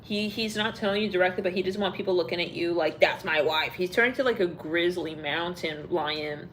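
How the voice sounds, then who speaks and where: A woman's voice: on the low side, a little fast, fairly bright tone, a little hiss or hum. A young woman doing a casual live tarot reading, rambling and blunt, full of filler words and swearing. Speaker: tarot reader.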